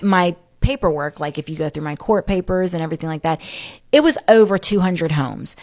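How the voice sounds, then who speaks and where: A woman guest in a casual interview, telling her story in an animated way, acting out what others said and often saying "like". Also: mid-range voice. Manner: animated, acts out quoted speech; frequent filler "like".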